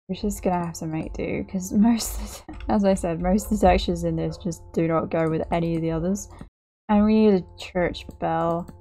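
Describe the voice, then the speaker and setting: A woman's voice: on the low side, darkish tone, slight background noise. A young woman giving gameplay commentary as a channel host, apologetic and self-mocking, often laughing at her own work.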